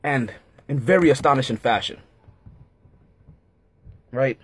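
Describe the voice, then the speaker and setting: A man hosting a casual sports podcast, talking in an animated way, repeating himself and making jokey asides. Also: mid-range voice, a little slow, slightly rough, no echo. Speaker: podcast host.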